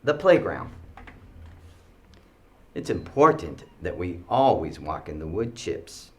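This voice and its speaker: A man teaching students school rules with animated storytelling, acting out the kids' voices. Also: deep voice, slow pace, faint music behind.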